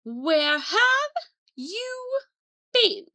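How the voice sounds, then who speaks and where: A woman's voice: very animated, very slow, bright, forceful tone, heavily acted. A woman imitating a worried mother witch scolding a boy, in a put-on British accent. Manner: shrill, scolding, rising outbursts.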